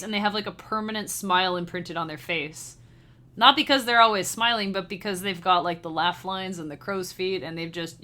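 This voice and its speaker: Bubbly, bright-voiced woman streamer. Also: mid-range voice. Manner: bubbly, giggly, talks straight to chat. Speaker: livestreamer and chiptune musician. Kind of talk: casual live-stream chat.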